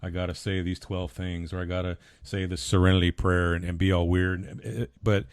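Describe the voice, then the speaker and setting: Deep-voiced earnest man, dry close mic. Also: flat delivery, moderate pace, clear, resonant tone, no room sound. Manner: heartfelt, earnest, often repeats words as he restarts. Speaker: podcast co-host, husband and father. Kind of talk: casual podcast conversation.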